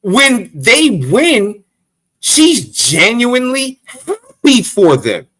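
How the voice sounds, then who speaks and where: A man's voice: very high voice, huge pitch swings, drawn-out words, sharp tone. A man co-hosting a casual podcast, blunt and profane, talking emphatically. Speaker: podcast co-host.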